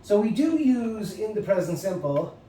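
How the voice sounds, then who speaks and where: A man with an Irish accent, teaching an English grammar lesson to camera, halting and full of fillers and restarts. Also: high voice, sing-song, warm tone, slight background noise. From Ireland. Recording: echoey room, mic at a distance.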